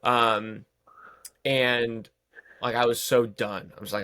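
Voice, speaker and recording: A man's voice: mid-range voice, little pitch movement, takes it slowly, sharp tone, smooth, dry recording, studio quality. A man in his thirties, a golf pro and podcast guest, telling loose self-deprecating anecdotes in casual chat. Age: 30s.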